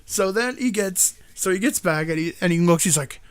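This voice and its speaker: A man hosting a live stream show, rambling through a movie plot in a casual, animated way with frequent laughter. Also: sits high, moderate pace, smooth, no room sound. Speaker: show host.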